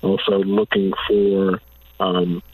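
Halting male official on a distant line. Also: low-pitched, level tone, a little mellow, breathy edge. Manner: halting, lots of ums and "you know". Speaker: public health official, guest. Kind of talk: radio interview answers.

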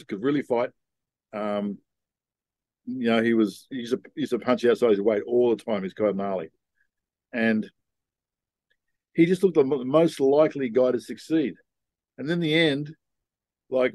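An older man, talking in an easygoing, rambling manner. His voice sits at a middle pitch and sounds close and dry, with no room around it. He tells his stories loosely, full of asides and restarts. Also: darkish tone, no echo. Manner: laid-back rambling storyteller. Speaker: guest. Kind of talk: casual storytelling interview.

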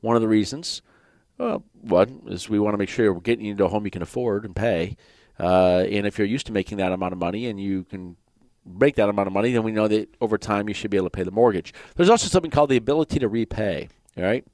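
A man's voice: lowish voice, fast talker, a little mellow, no echo. A man with a Michigan accent hosting a radio mortgage show, explaining loans in a plainspoken way with jokes mixed in. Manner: plainspoken, joking between explanations. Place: radio studio.

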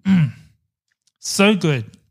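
A man's voice: sits high, very animated, very slow. A man co-hosting a casual film podcast, enthusiastic, laughing often and swearing freely. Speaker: podcast co-host. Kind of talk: casual chat.

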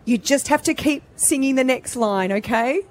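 A woman's voice: high-pitched, moderate pace. A woman hosting live breakfast radio, bubbly and gushing as she runs a giveaway. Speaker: radio host.

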